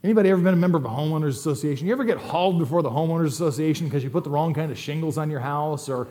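A man gives a sermon in a relaxed, conversational manner. His voice sits a little high for a man, and he often repeats a word or two before a thought gets going. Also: very fast. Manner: conversational, repeats words when starting sentences. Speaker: pastor.

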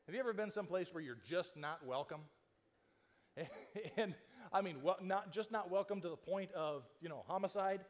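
A male pastor in the middle of a sermon, telling the story in a relaxed, conversational way and slipping into the voices of the people he quotes. His voice sits a bit high for a man, and it rings out with the long reverb of a large church hall. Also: moderate pace. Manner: conversational storytelling, acting out quoted lines, with frequent restarts.

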